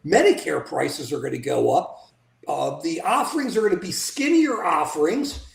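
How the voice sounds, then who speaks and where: A co-host of a political livestream, talking in a casual, indignant and animated way, often mimicking politicians in quoted asides. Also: medium pitch, normal speed, vocal fry. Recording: echoey room.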